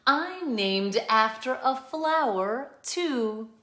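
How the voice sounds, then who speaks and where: A woman voicing a gentle, encouraging female schoolteacher in a storybook reading, soft, slow and reassuring. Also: on the high side, expressive, voice pushed up, heavily acted. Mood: kind. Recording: echoey room.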